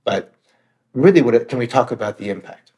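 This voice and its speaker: Speaking candidly on a podcast, an author and meditation teacher reflects earnestly and swears from time to time for emphasis. His medium-pitched voice is darkish, animated, and brisk.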